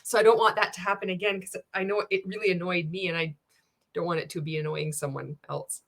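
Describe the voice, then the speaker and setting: A woman's voice: on the low side, fairly even intonation, fast talker, vocal fry, a bit bright. A woman from Canada hosting a reaction video, talking in casual, sarcastic commentary full of swearing and laughter. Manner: profane, sarcastic, laughing often.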